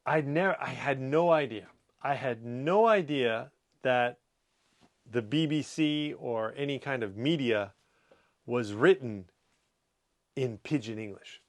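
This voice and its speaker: A man hosting a show, casually reading viewer comments aloud and chatting about them in a relaxed way. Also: takes it slowly, pauses often. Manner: breaks into playful high scolding voices. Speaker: host.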